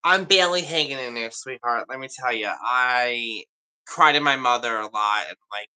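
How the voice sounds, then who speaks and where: A man's voice: mid-range voice, normal speed, bright, forceful tone, clear, resonant tone, rough recording. A man chatting casually on a livestream, rambling and confiding in an emotional way.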